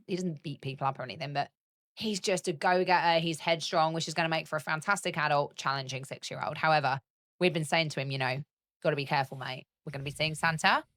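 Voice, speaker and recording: A woman's voice: deep voice, a bit bright, dry recording, studio quality. A woman in her thirties, co-hosting a casual podcast chat, telling stories with lots of laughter. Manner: chatty, laughing storyteller. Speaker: podcast co-host.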